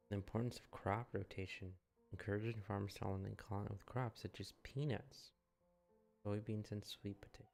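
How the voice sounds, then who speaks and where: Slow, gravelly-voiced male streamer. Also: fairly low pitch. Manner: musing, offhand, deadpan jokes. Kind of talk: casual live-stream chat while reading aloud.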